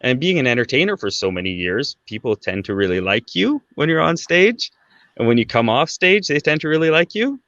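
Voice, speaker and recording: A man in his thirties chats through a personal story as a podcast guest, peppering his talk with "right?" and "like". His voice sits at an ordinary middle pitch. The recording is dull and lo-fi, with a dry, close sound. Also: very animated, fairly quick, fairly bright tone, no room sound. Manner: conversational, fillers like "right?" and "like". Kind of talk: casual storytelling.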